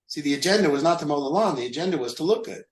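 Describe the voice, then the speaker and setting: A man's voice: fairly high pitch, expressive, very fast, reverberant, low-quality recording. A man leading a recovery group, talking candidly and mocking himself, asking rhetorical questions. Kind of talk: group talk on a call.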